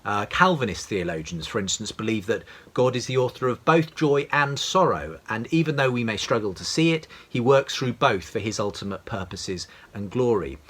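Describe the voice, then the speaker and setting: A man's voice: fairly low pitch, fairly bright tone, slightly rough. A man giving a prepared, earnest talk on faith as a podcast host, reflective with occasional fillers. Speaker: podcast host and radio presenter.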